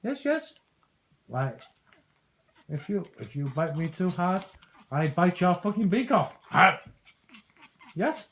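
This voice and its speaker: A woman's voice: on the low side, big pitch swings, slow, pauses often, rough recording. A woman talking casually to her pet parrot, coaxing and teasing it with playful swearing. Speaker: parrot owner.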